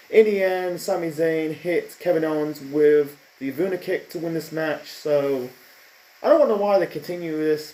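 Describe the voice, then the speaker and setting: A man's voice: fairly high pitch, dark tone. A man giving a casual spoken review, rambling and opinionated with lots of fillers and restarts. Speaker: wrestling show reviewer. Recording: echoey room.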